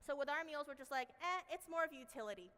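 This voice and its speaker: Bright, playful woman on a conference stage. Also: high voice, fast talker, in a large hall. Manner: animated, playful, slangy. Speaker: conference speaker. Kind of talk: casual keynote talk. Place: large conference hall.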